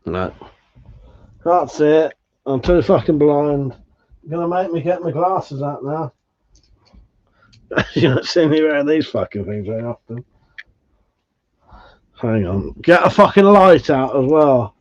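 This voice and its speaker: A man's voice: a little high, animated, measured pace, long pauses, darkish tone. Tired male streamer, laid-back and sweary, on a dull lo-fi mic. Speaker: livestream host. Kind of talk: casual live chat.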